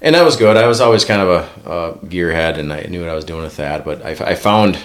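A Minnesota man in his thirties, a police officer and Marine veteran, chats casually as a podcast guest in a very deep, low voice. He tells his story a little fast with lively intonation, acting out remembered dialogue by slipping into the voices of the people he quotes.

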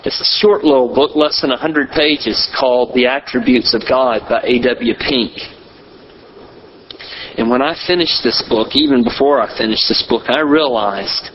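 A man preaching a sermon as pastor, in a measured style with emphatic pauses. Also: mid-range voice, highs cut off, a little hiss or hum.

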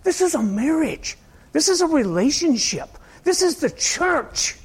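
A man preaching a sermon in a conversational, rambling way, asking his listeners question after question and swinging between loud and soft. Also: very high-pitched, sing-song, measured pace. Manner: conversational, asks the audience many questions. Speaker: pastor.

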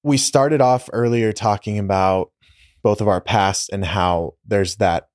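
A man's voice: lowish voice, unhurried, a little mellow, no room sound, studio quality. A man hosting a podcast, talking candidly and reflectively with his guest. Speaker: podcast host. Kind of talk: podcast conversation.

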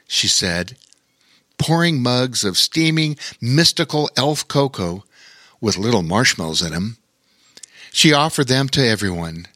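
Slow, expressive male storyteller. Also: medium pitch, dry recording, clean studio sound. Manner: expressive, unhurried. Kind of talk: children's story narration.

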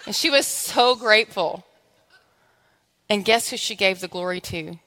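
With a measured pace and a bright, forceful mid-range voice, a woman delivers a sermon in a church sanctuary. Her storytelling is animated, and she acts out her own dialogue with God. The recording has a long hall reverb.

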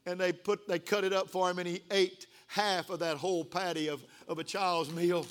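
Older preacher with a high voice. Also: male voice, moderate pace, hardly any pauses. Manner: emotional, building to excited shouts. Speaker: pastor. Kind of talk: sermon.

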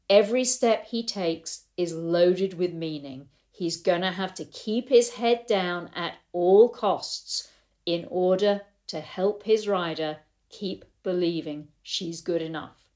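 An older woman, a riding coach, giving a reflective talk to riders and telling stories in a thoughtful way. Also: fairly low pitch. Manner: thoughtful, storytelling, animated quotes.

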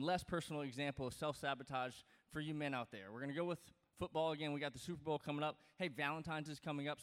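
Chatty pastor in a big hall. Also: male voice, fairly high pitch, fairly bright tone, clear, resonant tone. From Louisiana. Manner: conversational, joking, lots of fillers and restarts. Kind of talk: sermon. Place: large church auditorium. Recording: reverberant hall.

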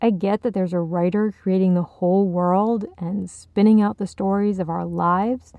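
A woman's voice: mid-range voice, steady tone, normal speed, dry recording, phone-quality sound, lightly acted. A woman reading the part of Ted, a bold, insistent man who scoffs, in a short story. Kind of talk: audiobook character reading.

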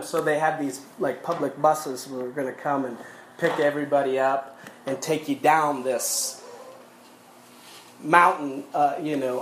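A man's voice: on the high side, slight background noise. A pastor preaching a sermon, telling a story between quoted scripture and chuckling as he goes. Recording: echoey room.

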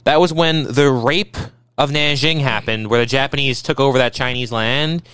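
A man's voice: mid-range voice, moderate pace, fairly bright tone, smooth, no room sound. A man co-hosting a casual podcast, ranting sarcastically and swearing freely. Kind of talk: casual chat.

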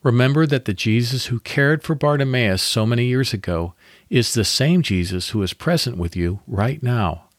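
A man hosting a devotional podcast, reading a guided Bible meditation in a calm, measured way with pauses. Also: mid-range voice, dry recording, clean studio sound.

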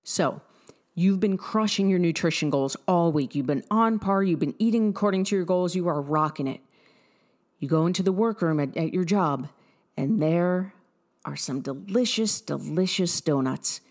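A woman in her thirties giving an upbeat, direct coaching talk to listeners, with lively bursts of emphasis. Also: on the low side, moderate pace. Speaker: mindset coach.

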